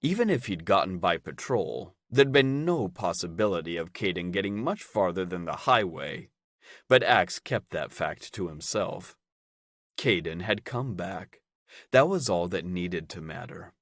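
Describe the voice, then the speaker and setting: A male narrator reads a romance audiobook in a very deep voice. His storytelling is steady and unhurried, and the recording is close and dry. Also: dry recording.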